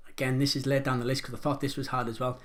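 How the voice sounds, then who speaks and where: A man's voice: medium pitch, level tone, very fast. A man hosting a pub quiz live from home, chatty and rambling, joking about his own pronunciation as he reads out the questions.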